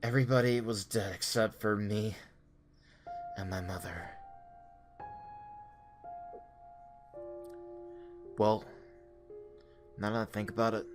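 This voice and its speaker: A man in his twenties voicing a haunted, stammering teenage boy turned killer in a creepypasta monologue, with a hushed, whispery, gravelly voice. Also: on the low side, natural voice. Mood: hollow, quiet. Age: 20s. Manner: stammering, numb then unhinged. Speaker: voice actor. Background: music.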